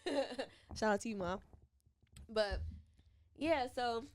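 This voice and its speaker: A young woman co-hosting a podcast, telling a story in casual chat and acting out quotes in high voices, swearing freely. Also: lively intonation, slow, crowd noise. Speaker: podcast co-host.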